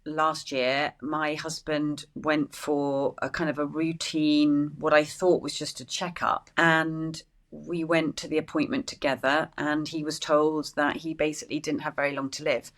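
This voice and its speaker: A woman in her sixties, a podcast guest, speaking candidly and haltingly while close to tears. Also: low-pitched, little pitch movement. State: tearful. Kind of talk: interview.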